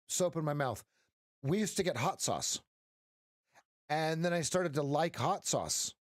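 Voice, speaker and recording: A middle-aged man coaching traders on a live stream, his voice sitting a little higher than most men's. He rambles and jokes, restarting sentences and tossing in "right?" as he goes. The sound is close and dry. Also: big pitch swings, a little slow, no echo. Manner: rambling and joking, with frequent restarts and "right?" tags. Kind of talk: casual live-stream trading commentary.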